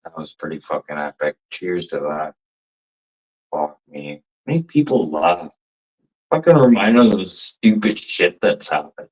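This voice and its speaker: A man's voice: sits low, big pitch swings, a little slow, slightly rough, rough recording. A man telling rambling, profane stories in a casual monologue, laughing as he goes. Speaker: livestream chatter.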